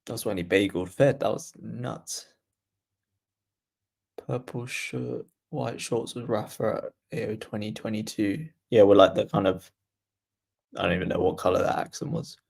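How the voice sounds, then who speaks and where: A fairly low-pitched man, calling points on a livestream. He talks casually to his viewers and quickens as rallies heat up. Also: fairly even intonation, creaky, darkish tone. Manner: chatty, reads viewer comments aloud, quickens during rallies. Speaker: livestream tennis commentator. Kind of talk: casual play-by-play watchalong commentary.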